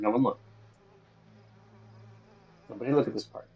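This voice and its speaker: A man's voice: on the low side, fairly even intonation, moderate pace, gravelly, pauses often, narrow, tinny audio. A man talking to himself while playing a survival game, grumbling and swearing at what happens on screen. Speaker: gaming streamer. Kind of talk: solo gameplay commentary.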